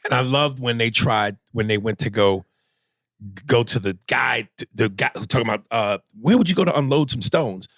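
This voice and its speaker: A man talking casually on a podcast, walking through a show's scenes at an easy conversational pitch. His voice sits close and dry, with no room sound around it. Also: normal speed, fairly bright tone, no room sound. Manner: conversational, recaps scenes at length. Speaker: podcast co-host. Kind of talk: casual chat.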